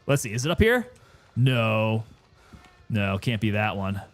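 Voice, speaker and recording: A man casually commenting while he plays a game and chats with viewers, relaxed and sometimes winded. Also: fairly low pitch, unhurried. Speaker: gaming streamer.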